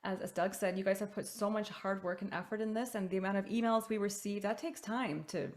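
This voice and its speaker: Animated storytelling woman on a video call. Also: medium pitch, brisk. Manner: lively storytelling, acts out quotes, laughs often. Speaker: podcast guest. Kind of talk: casual video call chat.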